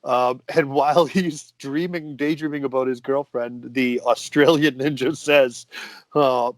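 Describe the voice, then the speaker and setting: A man's voice: medium pitch, fairly even intonation, unhurried, no room sound. Dry-voiced man co-hosting a movie podcast. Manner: laughs often, reads out quotes. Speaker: podcast co-host. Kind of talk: casual movie review chat.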